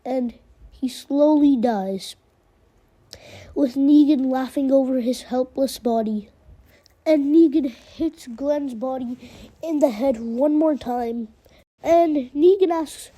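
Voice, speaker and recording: A woman's voice: high voice, measured pace, warm tone. A woman narrating a fan retelling in a plain, run-on casual way, chaining events with "and then". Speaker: storyteller.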